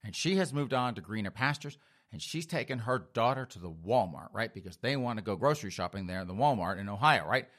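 A man's voice: fairly low pitch, animated, brisk, fairly bright tone. A man hosting a comedic news show, retelling stories in a mocking storytelling way and calling listeners "folks.". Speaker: host.

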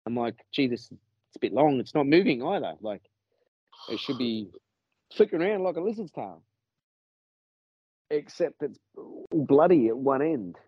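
A man's voice: mid-range voice, expressive, normal speed, pauses often, slightly rough, no echo, dull audio. A man with an Australian accent telling a story in a casual podcast chat, rambling and swearing with many restarts.

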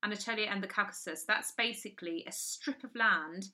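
Woman, comic co-host, rambling deadpan storyteller, bright tone. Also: mid-range voice, a little fast. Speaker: comedy podcast co-host. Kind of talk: improvised comic chat. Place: house in London.

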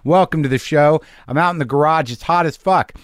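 A man's voice: fairly high pitch, a little fast, no room sound, clean studio sound. A middle-aged man hosting a podcast from his home garage, delivering a casual comic monologue in a wry, self-deprecating, ranting way. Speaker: podcast host.

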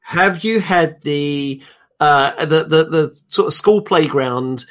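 Teasing man, slightly high. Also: takes it slowly, a bit bright. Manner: teasing, wry. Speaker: podcast guest. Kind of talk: casual banter.

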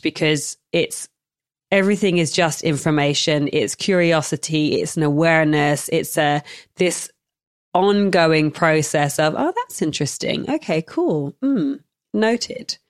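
A woman's voice: low voice, unhurried, smooth, no room sound, studio quality. A woman hosting a podcast interview, talking in a reflective, affirming way. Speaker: podcast host. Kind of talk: conversational interview.

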